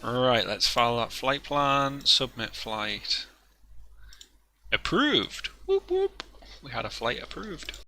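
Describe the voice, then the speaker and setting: A man's voice: mid-range voice, a little slow, sharp tone, slight background noise. A young man chatting and joking with viewers while flying a simulator on a live stream. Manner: jokey, chatty, talks to viewers while working. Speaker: flight sim streamer. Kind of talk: casual live-stream chat.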